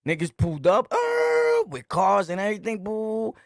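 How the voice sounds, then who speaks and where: A middle-aged man with a New York accent tells street stories in loose, emphatic slang and laughs often. His voice is gravelly and sits a little high for a man. The sound is close and dry. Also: wildly swooping pitch, moderate pace, no echo. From Brooklyn, New York. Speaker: podcast host. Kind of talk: casual storytelling monologue.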